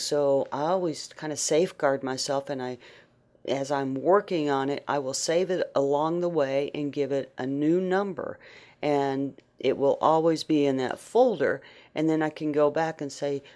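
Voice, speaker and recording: Woman teaching software, allergy-worn voice. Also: low-pitched, measured pace. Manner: relaxed, conversational, many fillers and restarts. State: allergies, voice going in and out. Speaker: computer skills instructor. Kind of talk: screen-share software tutorial.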